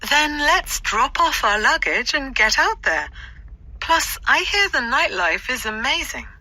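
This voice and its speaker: A woman's voice: high voice, very animated, a little slow, sharp tone, exaggerated voice. A woman reading the part of a young female traveler in a recorded textbook dialogue, light and upbeat.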